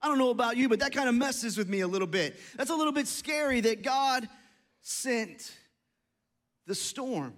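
A middle-aged pastor with a notably high voice delivers a sermon. He is animated, slipping into quick asides and little acted voices to make his points.

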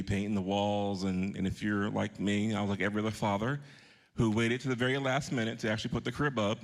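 Earnest pastor telling a personal story. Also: male voice, on the low side. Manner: storytelling with direct questions to the congregation; earnest, shifting pace for emphasis. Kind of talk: sermon.

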